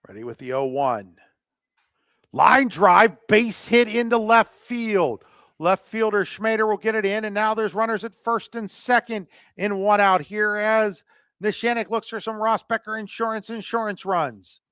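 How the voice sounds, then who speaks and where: High-voiced man calling softball play-by-play. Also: moderate pace, smooth, no room sound, clean studio sound. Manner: conversational, rising excitement on plays. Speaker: play-by-play commentator. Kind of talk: live sports commentary.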